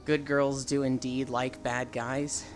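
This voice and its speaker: In this casual live-stream chat, a young adult speaks slowly in a level, mid-range tone while soft music plays underneath. The talk rambles, swearing comes easily, and viewer comments get answered as they come in.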